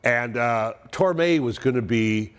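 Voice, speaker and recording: A man's voice: mid-range voice, slow pace, clear, resonant tone. A man in his seventies telling stories in a monologue, with wry, dry humor. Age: 70s. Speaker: narrator of a yearly family letter. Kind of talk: storytelling monologue.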